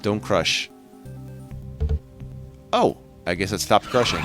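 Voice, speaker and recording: A man's voice: low-pitched, animated, slow pace, long pauses. A man giving casual, jokey commentary while playing a video game, rambling and swearing freely. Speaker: let's play host. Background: game music.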